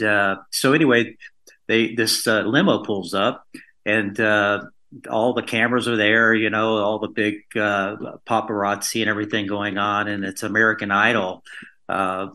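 A man's voice: lowish voice, little pitch movement, normal speed, pushed and bright. A man, a podcast guest, telling a long story in a casual, rambling way, full of fillers and restarts.

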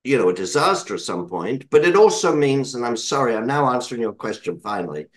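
A man's voice: medium pitch, sing-song, fairly quick, rough recording. A British man answering interview questions in a digressive way, correcting himself and adding apologetic asides. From Britain. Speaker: interview guest, market commentator.

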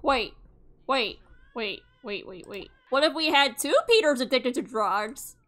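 Excitable high-voiced woman gamer. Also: a little slow. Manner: excitable, swears a lot, laughs often, shouts in mock outrage. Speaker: gaming YouTuber. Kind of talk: casual gameplay commentary.

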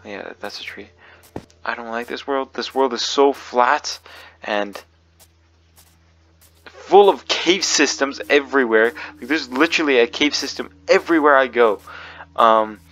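A man's voice: mid-range voice, unhurried, long pauses, a bit bright. A man giving spooked gameplay commentary, jumpy and nervous, often repeating himself. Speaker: gaming video creator. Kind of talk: horror game commentary.

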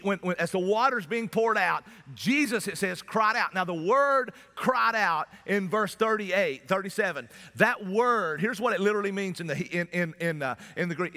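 A pastor preaching a sermon in a conversational way, at times breaking into loud shouts. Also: male voice, sits high. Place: church sanctuary. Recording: long church hall reverb.

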